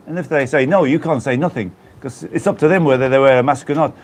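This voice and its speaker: Man, live-stream host from the Black Country, casual and rambling, voice on the higher side. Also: a little fast, a little mellow. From Black Country, England. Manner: rambling, chatty, greets viewers by name.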